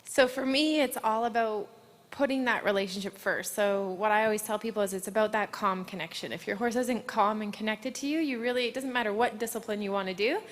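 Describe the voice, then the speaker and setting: A woman's voice: medium pitch, brisk. A young woman horse trainer being interviewed after a win, bubbly, earnest and close to tears. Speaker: award-winning horse trainer. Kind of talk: on-the-spot interview. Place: large covered horse arena. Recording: long echo of a large covered arena.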